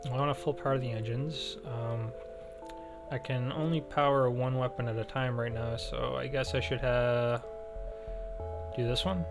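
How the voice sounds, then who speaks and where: A man giving casual let's play commentary, thinking aloud with many fillers and self-deprecating jokes. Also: mid-range voice. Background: faint game music.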